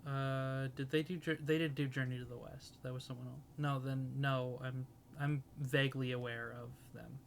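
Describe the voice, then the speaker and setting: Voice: medium pitch, fairly even intonation, moderate pace, gravelly, hardly any pauses, a little hiss or hum. A podcast co-host in casual chat who laughs often and rambles through stories.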